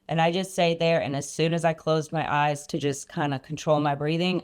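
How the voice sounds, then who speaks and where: A woman guest on a podcast, earnestly recounting a personal experience, often pausing and restarting her sentences. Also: low voice, clear, resonant tone. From Iran. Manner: earnest, halting, frequent restarts and ums. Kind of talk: personal storytelling.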